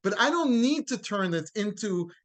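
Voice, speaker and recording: A man's voice: high voice, sing-song, normal speed, a bit bright. A man, a rabbi, giving an earnest, emphatic talk in answer to a question, often repeating and restarting words. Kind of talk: impassioned lecture answering a question.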